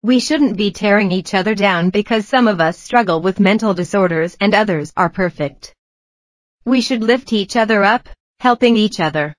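A computer-generated woman's voice reading out a personal vlog in an even, mechanical way. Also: mid-range voice, no echo, low-quality recording. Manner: evenly read, mechanical delivery. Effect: computer-generated text-to-speech voice. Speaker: vlogger. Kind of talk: text-to-speech narration of a personal vlog.

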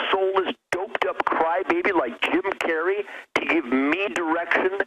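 A middle-aged man thunders through a passionate talk radio rant, fiery and emphatic like a preacher. His voice sits a touch high for a man, and a steady hiss with clicks rides under it on the line. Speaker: radio show guest.

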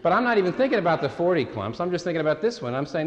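A man's voice: sits high, big pitch swings, rapid-fire, few pauses. A man preaching a sermon in a conversational, storytelling way, often restarting his sentences. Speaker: pastor. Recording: echoey hall recording.

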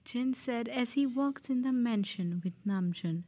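Woman reading the narration in a fan audio drama, a bit high, unhurried. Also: warm tone. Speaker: narrator and creator.

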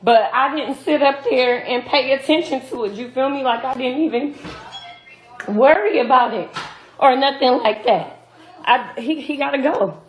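A woman's voice: sits high, moderate pace. Upset woman venting in an echoey room. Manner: upset, repetitive, talks to viewers directly. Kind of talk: casual venting to camera. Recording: echoey room with loud noise.

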